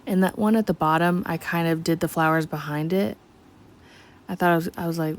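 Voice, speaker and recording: A woman's voice: low voice, fairly even intonation, fairly quick. A woman narrating her painting in a chatty, scattered late-night voiceover, talking to herself and slipping in and out of a country twang. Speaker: art vlogger. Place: at home at night.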